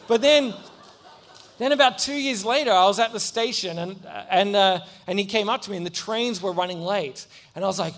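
A young man preaches in a lively storytelling way, acting out the people in his anecdotes. His voice sits high for a man. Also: a little fast. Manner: animated, acts out voices in anecdotes. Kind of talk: storytelling sermon.

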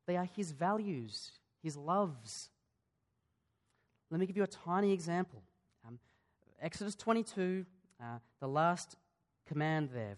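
A pastor preaching a sermon in a church, in a conversational way, asking the congregation questions and often restarting his sentences. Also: medium pitch.

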